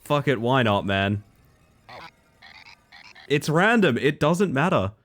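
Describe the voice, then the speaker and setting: Animated man streaming games. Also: takes it slowly, soft background music. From Western Australia. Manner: animated, jumps between nervous mumbling and high excited outbursts. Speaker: livestreamer. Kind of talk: casual livestream chat.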